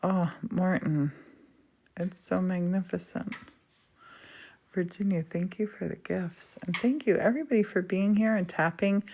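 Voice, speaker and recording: A woman's voice: lowish voice, unhurried, dark tone. A woman hosting a casual live demo from a glass studio, gushing with affection and chatting to her viewers. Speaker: livestream host. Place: indoor glass fusing studio.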